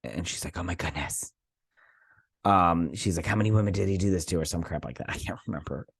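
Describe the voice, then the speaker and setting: A man's voice: low voice, quick pace, vocal fry, breathy edge, no room sound, studio quality. A man hosting a review channel, casually recapping an episode in a rambling way and quoting characters' lines as he goes. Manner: rambling, retells scenes with quoted lines; frequent fillers and restarts.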